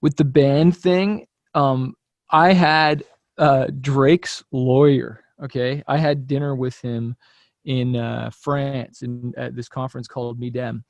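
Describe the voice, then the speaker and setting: A man, a musician guest on a podcast, telling a story in a relaxed, loose way, full of "like" and "you know". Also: medium pitch, slow pace, no echo. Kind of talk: casual chat.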